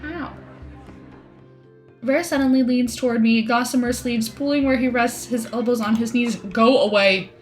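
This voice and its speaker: A young adult woman streaming a story game, reading it aloud and joking through animated reactions. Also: on the high side, a little fast, few pauses, faint music behind. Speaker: streamer reading a visual novel.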